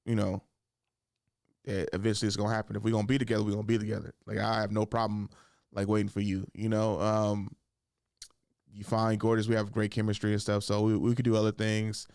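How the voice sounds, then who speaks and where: Fast-talking young man telling a rambling story. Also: fairly low pitch, completely flat delivery, darkish tone, smooth, dry recording, clean studio sound. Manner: rambling, repeats "I was like", acts out the voices of other people. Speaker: podcast host. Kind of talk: casual storytelling.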